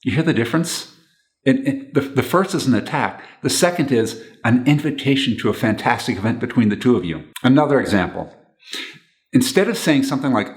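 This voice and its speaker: A man's voice: medium pitch, animated, brisk. A man giving relationship advice to camera in an earnest, instructional way, repeating his key points.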